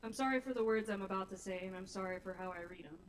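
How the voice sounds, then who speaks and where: A woman's voice: medium pitch, quick pace. A young woman performing her own rhyming spoken-word poetry at an open mic in a small bar, earnest and openly nervous. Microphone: stage mic. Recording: live room mic, somewhat distant, faint noise.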